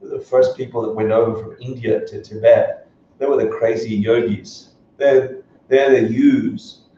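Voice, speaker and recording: A man teaching a relaxed class on Buddhism, joking and laughing often as he talks. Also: mid-range voice, measured pace, far from the mic, a little hiss or hum. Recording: echoey dull room recording from afar.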